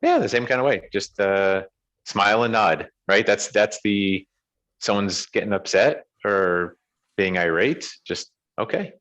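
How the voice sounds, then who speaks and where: A man's voice: on the low side, unhurried, a bit bright, lo-fi sound. A man co-hosting a podcast over a video call, questioning ideas and often restarting his sentences. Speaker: podcast co-host.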